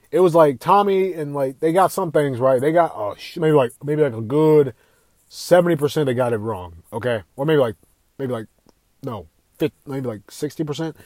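A young man hosting a casual gaming podcast, talking in an excitable, profane, rambling way. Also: fairly high pitch, no echo. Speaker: podcast host.

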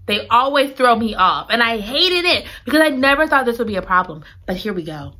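Animated woman gushing about a book. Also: on the high side, fairly quick. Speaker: book reviewer. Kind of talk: casual chat.

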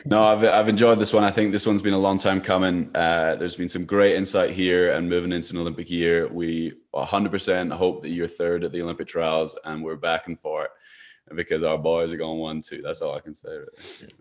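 Scottish guy cohosting a podcast, deep voice, jokey banter. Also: little pitch movement, fairly quick. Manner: teasing, jokey. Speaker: podcast co-host. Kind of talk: casual banter.

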